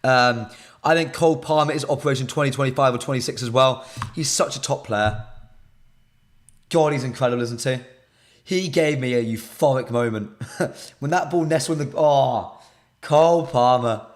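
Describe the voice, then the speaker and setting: A man presenting a live football stream, his voice shot and hoarse, talking casually to his chat and repeating himself. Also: medium pitch, moderate pace, pauses often.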